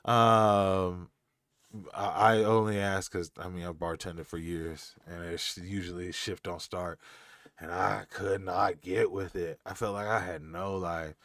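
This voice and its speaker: A man's voice: low voice, fairly even intonation, measured pace, fairly bright tone, no echo, studio quality. Slangy laid-back man on a live stream. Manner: loose, slangy, laughing often. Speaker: podcast host reading live chat. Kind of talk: casual live-stream chat. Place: home.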